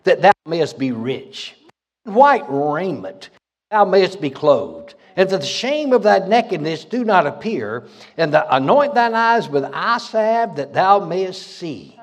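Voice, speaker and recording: A man's voice: high-pitched, sing-song, takes it slowly. A man preaching a sermon as pastor, fiery and folksy, laughing between lines in a church. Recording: reverberant church hall.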